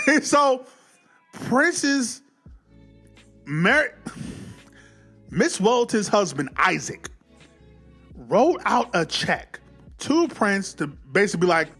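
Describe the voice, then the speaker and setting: A man giving a casual, animated movie recap, swearing freely and acting out the scenes as he goes. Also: sits high, takes it slowly, long pauses, breathy edge, soft background music. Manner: animated, profane, acts out scenes. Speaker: film reviewer.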